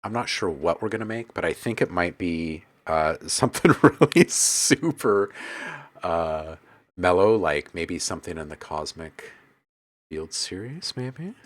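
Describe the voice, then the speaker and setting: A low-pitched man chatting casually with viewers on a live music-production stream. His voice swings widely in pitch as he teases people in chat and chuckles at his own jokes. The talk is loose and playful, full of asides and quick laughs. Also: animated. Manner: playful, jokey, laughs often, reads chat aloud. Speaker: livestream host and music producer.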